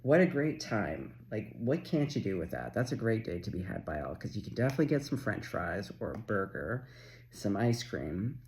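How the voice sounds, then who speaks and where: A man from Canada doing a casual, chatty tarot reading, excitable and quick to swear. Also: fairly low pitch, a little hiss or hum. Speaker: tarot reader.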